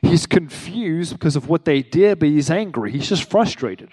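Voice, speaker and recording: A man's voice: on the high side, lively intonation, normal speed, mellow, husky, big-room sound. A young adult male pastor preaching a conversational sermon, acting out quotes with rising emphasis.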